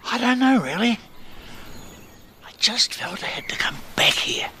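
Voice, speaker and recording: A man voicing a weary, wistful wandering figure in a short film, speaking softly. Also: fairly high pitch, wildly swooping pitch, normal speed, vocal fry, noisy background, pitched above the performer's own voice, exaggerated voice.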